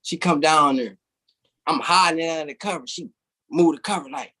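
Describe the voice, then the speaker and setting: Guest, male, fairly high voice, loose animated storyteller, slangy, says "bro" a lot. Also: moderate pace. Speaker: interview guest. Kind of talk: casual storytelling.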